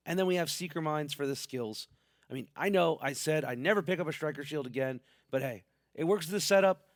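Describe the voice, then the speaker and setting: A man's voice: on the high side, no room sound, clean studio sound. A man hosting a game build video, talking in a hyped, playful, slangy way, with a sick voice. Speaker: gaming channel host. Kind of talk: casual game build commentary.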